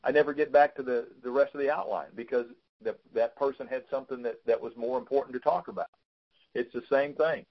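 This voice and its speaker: A man's voice: medium pitch, fairly even intonation, a little fast, muffled recording. A man coaching a client on a call, giving frank, fatherly advice and often repeating words as he talks. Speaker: business consultant.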